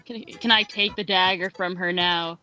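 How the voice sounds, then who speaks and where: Bright hesitant woman player. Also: lowish voice, fairly even intonation, moderate pace, poor audio. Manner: hesitant, with fillers. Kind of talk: casual tabletop game play.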